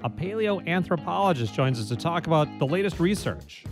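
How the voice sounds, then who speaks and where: A man hosting a public radio talk show, speaking in a measured, lightly wry way. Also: fairly high pitch, big pitch swings, over music. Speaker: radio host.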